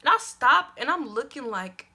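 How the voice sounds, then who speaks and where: A young woman telling a personal story in a storytime vlog, animated and emphatic, repeating lines for effect and swearing casually. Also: sits high, normal speed. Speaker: vlogger.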